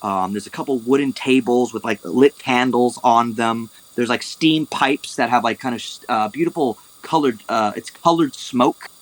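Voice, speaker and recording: A man's voice: mid-range voice, moderate pace, few pauses, poor audio. A man narrating as game master, rambling, with lots of "like" and "um". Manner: rambling, heavy on "like" and "um". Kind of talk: narrating a tabletop game over a voice call.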